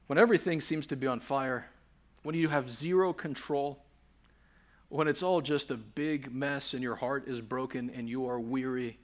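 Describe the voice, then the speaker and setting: A man preaching a sermon as pastor, earnest and emphatic, posing rhetorical questions. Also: mid-range voice.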